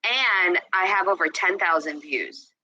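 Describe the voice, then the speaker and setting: Very bright-voiced woman giving a faith talk. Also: on the low side, unhurried, lo-fi sound, a little hiss or hum. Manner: emphatic and repetitive, addresses listeners directly. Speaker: speaker. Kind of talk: faith-based motivational talk.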